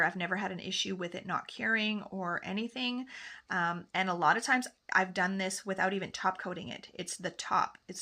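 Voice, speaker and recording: A woman's voice: medium pitch, sharp tone. A woman nail technician chatting casually through a tutorial as she paints, often correcting herself mid-sentence. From Canada. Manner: chatty, talks while painting, self-correcting.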